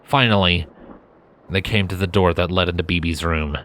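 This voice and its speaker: A man reading a fanfiction story aloud in steady, measured narration. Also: low-pitched. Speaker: fanfiction reader.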